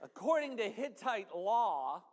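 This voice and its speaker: A male pastor preaches in a slow, unhurried way, with folksy asides to his congregation. His voice sits high for a man. The sound rings with the long reverb of a church sanctuary. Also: very animated. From northern United States. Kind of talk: sermon.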